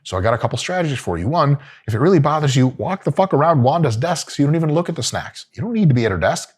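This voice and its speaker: A man in middle age gives diet advice in a blunt, profane, comedic way. He swings between deadpan asides and bursts of mock outrage as he riffs. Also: fairly high pitch, racing, husky. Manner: brash, swearing, jokey, swings into mock outrage. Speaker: host.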